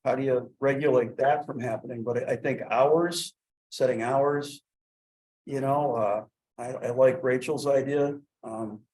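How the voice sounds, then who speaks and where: A man on a village board, speaking at a public meeting in a halting way with many restarts. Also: medium pitch, fairly even intonation, darkish tone, rough recording. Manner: hesitant, many restarts and fillers. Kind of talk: meeting discussion.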